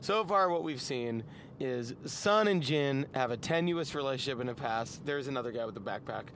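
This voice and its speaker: A man's voice: medium pitch, lively intonation, normal speed, a bit bright. A man co-hosting a casual podcast from inside a moving car, joking around and slipping into mock voices between laughs. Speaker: podcast co-host. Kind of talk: casual chat while driving. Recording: car with faint road noise.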